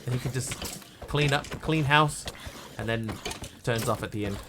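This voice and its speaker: A man with a New Zealand accent that leans slightly Australian, rambling through a game stream and answering chat as he goes. He stops and restarts often, filling gaps as he thinks. His voice sits in an ordinary middle pitch, with a faint hiss of background noise. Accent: New Zealand, with some Australian. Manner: rambling, halting, reads chat aloud. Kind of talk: casual live-stream chat while gaming.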